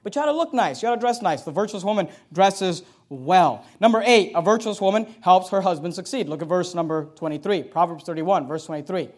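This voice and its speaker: A man with a strikingly high voice for a male speaker preaches to his congregation. He exhorts his listeners, pushing hard on key points and then dropping into quiet, conversational asides. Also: lively intonation, a little fast, few pauses. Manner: exhorting preacher, swings between loud emphasis and quiet asides. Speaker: pastor. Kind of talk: sermon.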